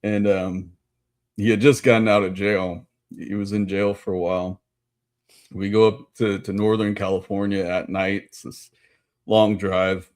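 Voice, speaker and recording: A man with a somewhat low voice co-hosts a podcast. He tells a story casually and haltingly, stumbling over and repeating his words. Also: little pitch movement, a little mellow. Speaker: podcast co-host.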